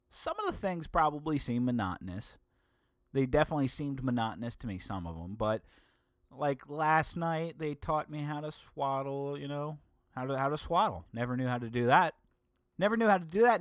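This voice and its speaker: A man's voice: medium pitch, a bit bright, no room sound, studio quality. A young adult man hosting a casual solo podcast, rambling and joking at his own expense. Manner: rambling, self-mocking, jokey. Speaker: podcast host.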